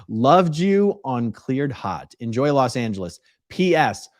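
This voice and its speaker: Brief: male live-stream host, mid-pitched, talkative, reading chat questions, dry close-miked sound. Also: very animated, slow, no echo. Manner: conversational, reads chat questions aloud and answers at length. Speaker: host answering viewer questions.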